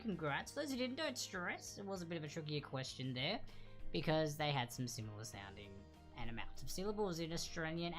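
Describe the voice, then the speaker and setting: A woman hosting a casual live online trivia quiz, chatting and repeating each answer slowly and clearly. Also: medium pitch, a bit bright.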